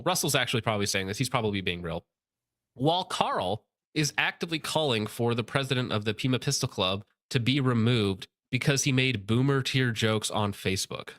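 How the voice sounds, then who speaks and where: A man's voice: mid-range voice, a bit bright, no room sound, studio quality. A man hosting a casual commentary show, reading posts aloud and mocking them sarcastically. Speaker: show host.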